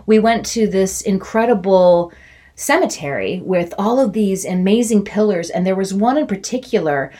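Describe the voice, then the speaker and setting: Young woman, guest in a casual chat, animated storyteller, voice leaps up when quoting. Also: normal speed. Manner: animated storyteller, acts out quotes with big pitch jumps.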